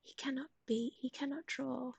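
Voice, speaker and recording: A woman hosting a pet livestream in a whispered voice, cooing soft baby talk to her animal while chatting with viewers. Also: high-pitched, fairly even intonation, normal speed, dry recording. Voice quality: breathy whisper. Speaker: livestream host.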